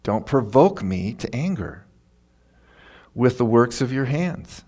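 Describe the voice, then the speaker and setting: A man's voice: mid-range voice, very animated, slow, darkish tone. A middle-aged man preaching a sermon in church, conversational and self-deprecating, telling stories with chuckles. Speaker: pastor.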